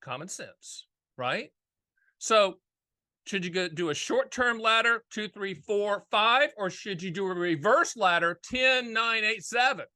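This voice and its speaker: Emphatic Southern man, bright voice. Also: high voice, lively intonation, a little slow, no echo, studio quality. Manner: folksy and emphatic, with rhetorical questions. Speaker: annuity agent and show host. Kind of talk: casual solo video talk.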